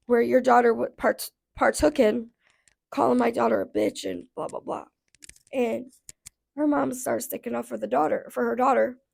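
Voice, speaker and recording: A vlogger in her thirties launches into a casual storytime rant, blunt and profane, with a voice that runs a little high and turns hoarse. She fills her speech with lots of "like."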